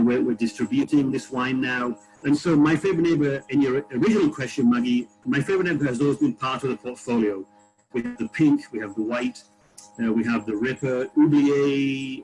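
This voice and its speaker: A man's voice: medium pitch, darkish tone, rough recording. Rambling man chatting on a video call. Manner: rambling storyteller with many fillers and restarts. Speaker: winery panelist. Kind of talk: casual video-call chat. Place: outdoors in a vineyard. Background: tractor passing.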